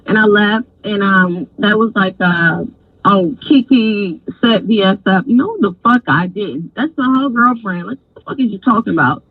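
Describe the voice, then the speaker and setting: Husky woman telling a profane story. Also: medium pitch, normal speed, no room sound. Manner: animated, profane, acts out quoted voices. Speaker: channel host telling a story. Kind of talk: casual storytelling on a live stream. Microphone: phone. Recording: dry, husky, phone-like sound.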